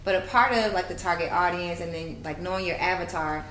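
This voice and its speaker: Low-voiced woman hosting a podcast. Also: fairly quick, fairly bright tone. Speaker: podcast host. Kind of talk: interview conversation. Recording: roomy with faint hiss.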